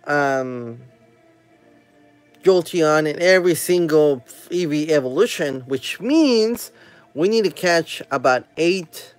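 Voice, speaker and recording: A man hosting a live stream, opening trading card packs with excited casual commentary, humming while he opens them and chatting with viewers. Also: on the high side. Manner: chats with viewers and reads their comments aloud.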